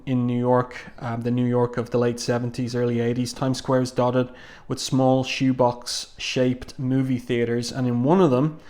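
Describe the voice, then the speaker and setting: A man at an ordinary middle pitch walks through a comic book review in an easy, conversational way. He sounds enthusiastic about what he describes, and his speech is sprinkled with ums as he gathers his thoughts. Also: darkish tone.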